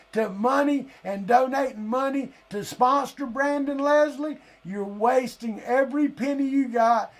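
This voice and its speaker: Fired-up man ranting. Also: very high voice. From Lee County, Florida. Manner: heated, blunt, profane, sometimes shouting. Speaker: live-stream host. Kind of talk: angry political rant.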